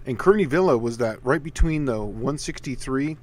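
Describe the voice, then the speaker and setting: Man, mid pitch, casual co-host, animated, chimes in. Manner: animated, quick to chime in and laugh along. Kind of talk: casual car talk chat.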